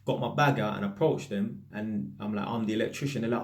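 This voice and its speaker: A man with a British accent full of London street slang, an electrician casually telling stories to camera in a lively, anecdotal way. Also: lowish voice, a little fast, creaky.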